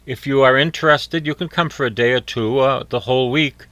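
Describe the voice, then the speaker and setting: Measured man reading an announcement. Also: mid-range voice, bright, forceful tone, dry recording. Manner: measured, repeats details slowly. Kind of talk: spoken announcement.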